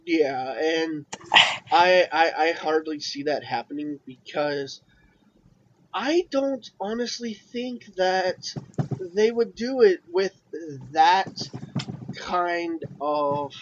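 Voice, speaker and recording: A man's voice: on the high side, expressive, takes it slowly, slight background noise. A man co-hosting a podcast in casual chat, hesitant and often repeating words. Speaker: podcast co-host. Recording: dull lo-fi sound.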